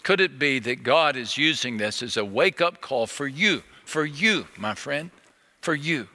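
A man preaching a sermon as a pastor, earnest and pleading, slowing down on key phrases. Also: mid-range voice, lively intonation, sharp tone, long reverb tail.

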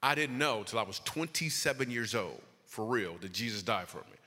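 Bright-voiced male comedian in a hall. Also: moderate pace. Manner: animated, jumps high in pitch for punchlines. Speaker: stand-up comedian. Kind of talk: stand-up storytelling. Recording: long reverb of a hall.

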